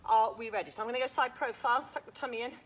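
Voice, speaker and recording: A woman's voice: fairly high pitch, fairly even intonation, racing. A woman leading a live workout class, counting reps, cueing moves and encouraging everyone while a bit out of breath. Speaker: fitness instructor. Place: outdoors.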